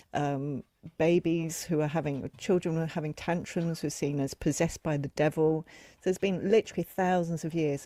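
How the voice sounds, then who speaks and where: A woman's voice: low voice, mellow, no room sound. A woman hosting a podcast, speaking in a reflective, explanatory way with frequent affirming interjections. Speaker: podcast host. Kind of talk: casual conversational interview.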